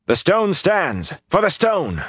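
A man's voice: medium pitch, very animated, moderate pace, no echo, studio quality, pitched above the performer's own voice, natural voice. A man voicing a young male leader who gives firm, commanding orders to weary soldiers in an audiobook. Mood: rallying. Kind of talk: audiobook character voice.

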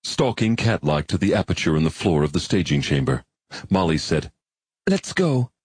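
Husky-voiced male narrator. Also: very deep voice, animated, brisk, no room sound. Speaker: audiobook narrator. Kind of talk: scripted narration.

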